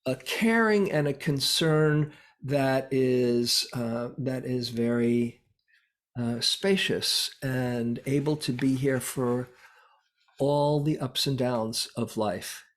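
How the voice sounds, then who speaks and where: A man giving a Buddhist dharma talk as a meditation teacher, reflective and unhurried, pausing often with soft fillers. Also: mid-range voice.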